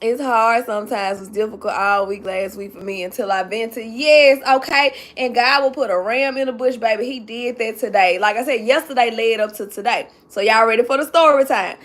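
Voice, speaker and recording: A woman with a slightly high voice tells a story on a casual live stream, close to tears as she goes. She talks straight to her chat and circles back over the same points again and again. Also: moderate pace, hardly any pauses, fairly bright tone. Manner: emotional, talks to the chat directly, repeats herself. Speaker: livestream host telling a story.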